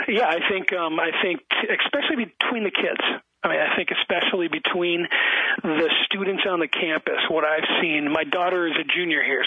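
A man's voice: a little high, slightly rough, no echo. A man, an athletic director being interviewed on radio, talking with enthusiasm and frequent restarts. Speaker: high school athletic director. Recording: tinny phone-like radio sound.

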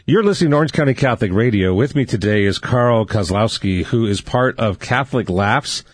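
A man's voice: on the low side, animated, fairly quick, dry recording. Male radio host wrapping up a segment. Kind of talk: radio interview hosting.

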